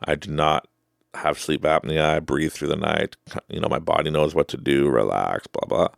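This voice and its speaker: A man's voice: extremely low pitch, normal speed, creaky, no room sound, clean studio sound. A middle-aged man hosting a podcast, telling a personal story in a rambling, casual way with frequent restarts and laughter. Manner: rambling, self-interrupting, laughs often. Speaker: podcast host.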